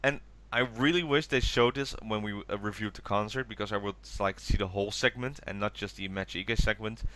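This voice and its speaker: A man's voice: lowish voice, a little fast, a bit bright. A tired man co-hosting a podcast, rambling through a recap of a TV special and acting out quoted lines in raised voices. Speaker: podcast co-host. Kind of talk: casual chat recapping a TV special.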